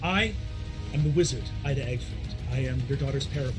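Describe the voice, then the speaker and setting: A man voicing a poised adult woman wizard who speaks low, hushed, rapid and dry. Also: faint music behind, natural voice. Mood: formal, deadpan.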